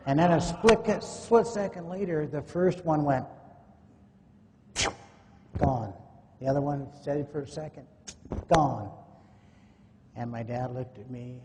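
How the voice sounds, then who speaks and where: A man speaking at a conference, telling a personal story in a folksy way and acting out the dialogue as he goes. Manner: folksy, acts out quoted dialogue. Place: conference hall. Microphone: microphone at a podium or in hand. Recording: echoey hall, faint noise, low-quality 2009 recording.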